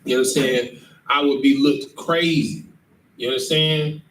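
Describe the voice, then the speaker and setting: A man's voice: medium pitch, fairly even intonation, a little slow, fairly bright tone. A man leading a scripture lesson in an emphatic way, who keeps checking that his listeners understand. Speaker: teacher leading a scripture class. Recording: echoey room, mic far off, faint noise.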